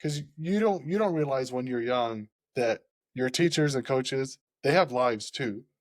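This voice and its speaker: A man's voice: medium pitch, lively intonation, unhurried, no echo, clean studio sound. A man chatting casually on a podcast, rambling and often laughing, with lots of "like" in his speech. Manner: rambling and laughing, heavy use of "like".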